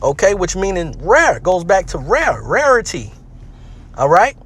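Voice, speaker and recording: A man's voice: sits high, huge pitch swings, a little slow, fairly bright tone, husky. A man teaching scripture in a street-style Bible lesson, emphatic and full of asides like "man" and "all right".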